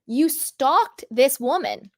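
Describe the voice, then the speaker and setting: A woman hosting a reality TV commentary vlog, sassy and animated as she scolds. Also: high-pitched, slow pace, no room sound, studio quality. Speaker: commentary host.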